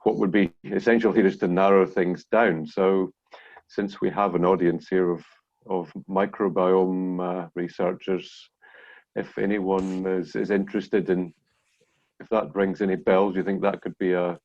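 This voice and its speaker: A man's voice: sits low, flat delivery, a little slow. A man working as a sequencing researcher, commenting eagerly in an online meeting with many fillers and restarts. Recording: muffled video-call audio.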